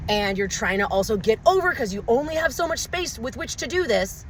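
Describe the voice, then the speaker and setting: A woman's voice: a little high, animated, fairly quick, a little hiss or hum, poor audio. A woman, ranting angrily and profanely to a phone camera while driving her car. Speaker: vlogger. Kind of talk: angry rant to camera. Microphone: handheld phone camera.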